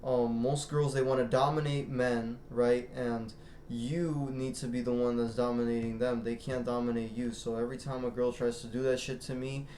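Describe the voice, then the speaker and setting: A man's voice: medium pitch, level tone, moderate pace, a little mellow, reverberant, slight background noise. A man ranting casually as a vlogger, rambling and boastful, swearing constantly. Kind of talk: casual rant to camera.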